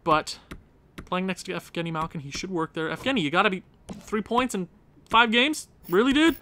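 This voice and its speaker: A man's voice: high voice, moderate pace, pushed and bright, a little hiss or hum. A young man hosting a hockey game let's-play, thinking aloud over lineup choices and talking at the players on screen with exasperated outbursts. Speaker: gaming channel host.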